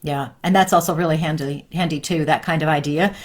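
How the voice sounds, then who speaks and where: A woman's voice: low voice, steady tone, a little fast. A woman, a medium and life coach, hosting a casual live stream and answering viewer questions in a chatty way.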